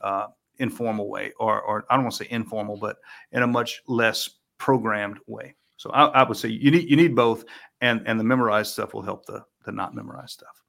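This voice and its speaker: A man in a relaxed spoken conversation, explaining ideas through everyday analogies, often restarting his sentences and laughing lightly. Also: fairly low pitch, a little fast, gravelly.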